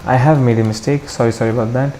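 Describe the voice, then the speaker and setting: Mellow-voiced man thinking aloud. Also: medium pitch, steady tone, quick pace, a little hiss or hum. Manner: thinks aloud, corrects himself, mixes Hindi into English. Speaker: coding tutorial host. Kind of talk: screen-recorded coding walkthrough.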